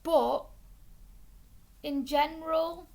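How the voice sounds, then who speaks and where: A young woman explains things in a casual, chatty way. Her voice sits high and carries a gravelly fry, and she stumbles and restarts words now and then. She has the hiccups. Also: fairly even intonation, drawn-out words, darkish tone. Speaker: vlogger.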